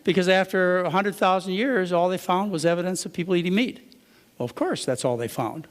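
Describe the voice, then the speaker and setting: A man's voice: high-pitched, a little fast, in a large hall. A man giving a conversational lecture to a live audience, often asking them rhetorical questions.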